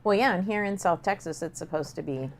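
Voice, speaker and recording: A woman with a fairly low voice talks fairly quickly as co-host of a casual talk show. She chats and jokes a lot, using plenty of fillers.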